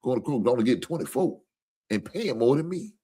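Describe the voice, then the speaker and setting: A tired man with a drawl rambles through a casual sports talk stream. His pitch swings widely as he cusses and jokes with his chat. He sounds loose and unscripted. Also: sing-song, quick pace, mellow, husky. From Kentucky. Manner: rambling, profane, laughing and joking with chat.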